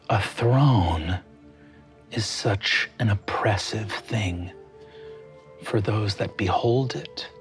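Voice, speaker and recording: A man voicing an ancient, solemn goddess queen of the underworld, speaking slowly and gravely in a tabletop game. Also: fairly low pitch. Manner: slow, grave, measured speech. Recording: faint music underneath.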